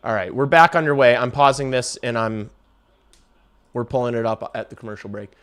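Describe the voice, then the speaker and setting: A young man hosting a casual livestream, giving play-by-play of a hockey game, swearing and swinging from muttered asides to loud outbursts. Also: medium pitch, a little fast, clean tone. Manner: excitable, swears, shifts between mumbled asides and loud outbursts. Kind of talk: casual live reaction and play-by-play.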